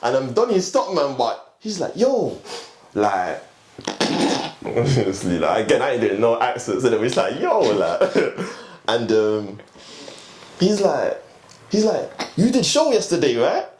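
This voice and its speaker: A young man tells a story in a lively, sing-song voice full of slang, and he laughs often as he talks. His voice is mid-pitched. The room sounds roomy and echoey, with a faint hum in the background. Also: measured pace. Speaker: guest DJ. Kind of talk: casual storytelling chat.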